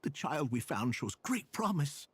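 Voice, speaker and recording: A man's voice: on the high side, very animated, a little slow, noisy background. An actor playing an eager male village elder who welcomes an officer and begs him to take a gifted child away. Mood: pleading. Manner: eager, begging, hospitable. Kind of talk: game voice acting.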